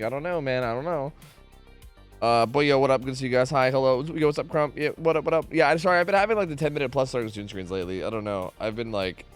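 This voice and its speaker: A man streaming live, chatting casually, animated and profane as he rants. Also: fairly high pitch. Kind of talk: casual chat.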